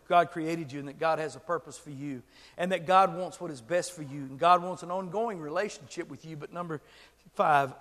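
A man preaching a sermon, telling a story with animated delivery that swells into shouted emphasis. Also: fairly high pitch. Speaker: pastor. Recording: long hall reverb.

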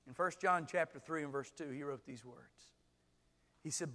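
A man preaching a sermon as pastor, swinging from hushed storytelling to shouted exclamations. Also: on the high side, normal speed, big-room sound.

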